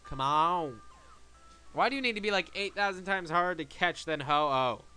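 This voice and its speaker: A high, bright male voice that swings wildly up and down as he talks through a game. He is excitable, shouting and begging at the screen between casual asides, with faint game music playing behind him. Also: fairly quick, smooth. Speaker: let's play gamer.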